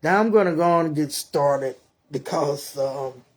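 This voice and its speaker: A man's voice: a little high, a little slow. A man voicing an older grandmother who prays and preaches her mind, scolding and ranting in a sermon-like way. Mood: indignant. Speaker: storyteller.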